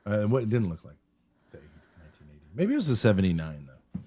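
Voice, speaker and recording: Low-voiced man rambling with jokes. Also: huge pitch swings, quick pace, mellow, slightly rough. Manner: rambling, joking, provocative. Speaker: streamer reviewing his call-in. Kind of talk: casual chat.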